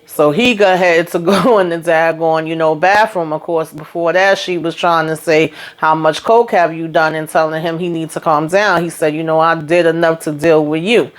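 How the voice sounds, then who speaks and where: A woman hosting a casual TV episode recap, retelling scenes in lively quoted voices with frequent asides, while coming down with a cold. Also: low voice, moderate pace. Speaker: TV recap host.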